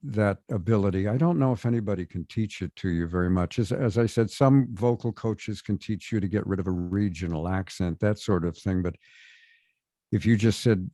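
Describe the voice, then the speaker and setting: An older man with a standard American accent, telling stories in a measured, thoughtful way as an interview guest. His voice sits fairly low. The sound is dry and close. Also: warm tone, dry recording. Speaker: guest voice actor. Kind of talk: interview conversation.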